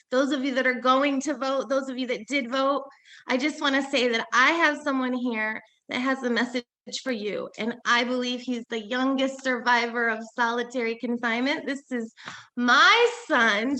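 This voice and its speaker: A woman's voice: high-pitched, steady tone, moderate pace, sharp tone. A woman advocate speaking at a press conference, heartfelt and repeating lines for emphasis. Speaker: advocate and mother of a solitary survivor. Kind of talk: emotional press conference speech.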